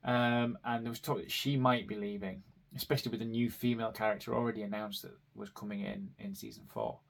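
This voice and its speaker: A man's voice: lowish voice, fairly even intonation, brisk, creaky. A man hosting a personal podcast, rambling and chatty, correcting himself as he goes. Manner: rambling, chatty, with frequent ums and self-corrections. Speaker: podcast host. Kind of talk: casual personal podcast monologue.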